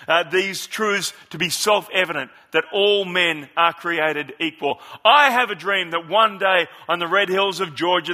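A male preacher putting on a Southern American accent to voice a famous civil rights orator, with a rolling, declamatory cadence that slows on key phrases. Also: sits high, bright, forceful tone. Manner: slow, swelling rhetorical build with stretched key phrases.

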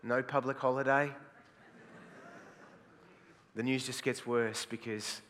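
Jokey Australian preacher in a big hall. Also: male voice, mid-range voice, steady tone, takes it slowly, a bit bright. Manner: jokey, self-mocking, laughs at own jokes. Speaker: pastor. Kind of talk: sermon. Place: large church hall. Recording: long hall reverb.

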